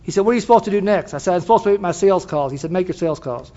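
Older guy telling his sobriety story, folksy, fairly high voice, dull lo-fi sound. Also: animated, rapid-fire, dark tone. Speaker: recovery meeting speaker. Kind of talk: personal testimony. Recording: dull lo-fi recording.

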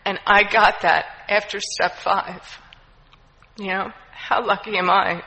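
A woman's voice: mid-range voice, steady tone, slow pace, gravelly, bright, forceful tone. A woman giving an earnest, heartfelt personal testimony, with many fillers. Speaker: speaker sharing a recovery story. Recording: long hall reverb.

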